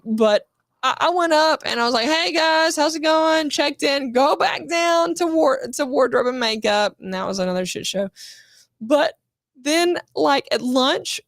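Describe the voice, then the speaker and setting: A woman appears as a guest actress on a casual interview show, telling a story, acting out quotes and swearing freely. Her voice sits high, and the studio recording is clean with no room sound.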